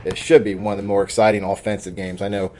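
A man's voice: fairly low pitch, little pitch movement, quick pace, dark tone. A man hosting a sports betting podcast in casual chat, brash and joking as he hypes his own picks. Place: studio office.

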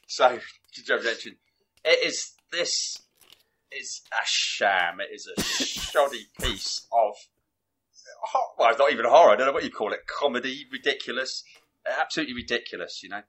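A man in casual chat, rambling excitedly through a film plot with bursts of laughter. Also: medium pitch, moderate pace, a little hiss or hum. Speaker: film reviewer guest.

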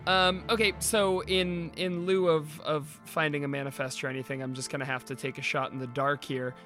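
A man playing a tabletop game, talking in halting, joking bursts. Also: a little high, flat delivery, bright, forceful tone, soft background music. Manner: halting, joking, many fillers. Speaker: player. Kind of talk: casual tabletop play.

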